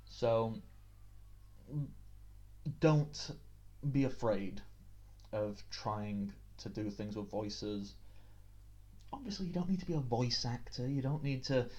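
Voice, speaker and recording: A man's voice: mid-range voice, animated, takes it slowly, long pauses, darkish tone. A British man giving tabletop game master tips in a chatty, self-deprecating way, on a dull lo-fi recording. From Britain. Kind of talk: casual tips video.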